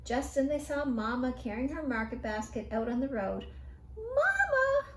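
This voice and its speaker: A woman reading a children's bedtime story aloud in an expressive storyteller's manner. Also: a little high, distant mic, slight background noise. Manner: slow, expressive read-aloud. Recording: roomy echo.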